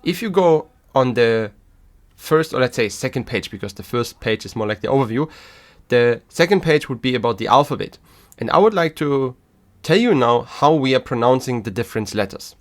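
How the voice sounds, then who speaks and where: A man hosting a language lesson podcast, talking in a calm, patient way. He leaves small pauses so learners can repeat after him. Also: medium pitch. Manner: slow and patient, pausing between letters. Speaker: German teacher and podcast host.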